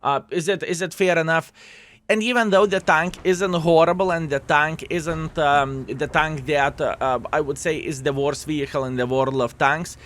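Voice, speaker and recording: A man's voice: fairly high pitch, fairly even intonation, moderate pace, fairly bright tone. A man giving live commentary over his own gameplay, chatty and frank, often turning to viewers with tag questions, his English phrasing plainly non-native.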